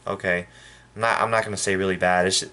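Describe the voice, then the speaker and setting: A man from El Paso, Texas, giving a rambling, halting and indignant opinion rant to his viewers. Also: low voice, fairly even intonation, sharp tone. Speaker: vlogger. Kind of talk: casual opinion rant to camera.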